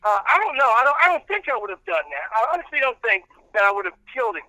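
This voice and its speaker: Older man, radio personality, very bright voice, dry close sound, rambling with restarts. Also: very high voice, very animated, fast, no echo, poor audio. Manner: rambling storyteller with many restarts. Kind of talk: casual podcast chat.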